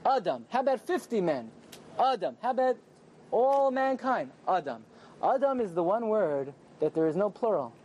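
A man's voice: high voice, normal speed, slight background noise. A man teaching an evening Torah class to a small live group, joking and firing questions at them. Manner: animated, questioning the audience and joking. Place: small room with a live audience.

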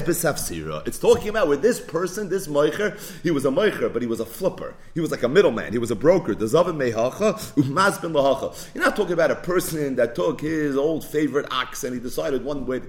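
A man teaching a religious text, animated and full of rhetorical questions, acting out both sides of an argument. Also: fairly high pitch. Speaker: Talmud teacher. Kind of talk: explaining a text in a class.

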